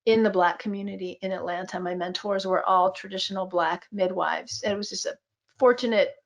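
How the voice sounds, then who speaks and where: A woman in her fifties talks on a video-call webinar as a guest physician and midwife. She tells stories in a thoughtful, meandering way and often pauses on fillers. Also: medium pitch, gravelly. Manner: reflective storytelling with frequent fillers. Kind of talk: webinar conversation.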